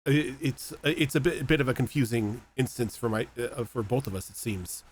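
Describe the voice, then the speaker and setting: A man's voice: medium pitch, moderate pace, breathy edge, natural voice. Man playing a stammering, uneasy young man. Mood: awkward, polite. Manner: stammering and hesitant. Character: uneasy, polite young man out of his depth.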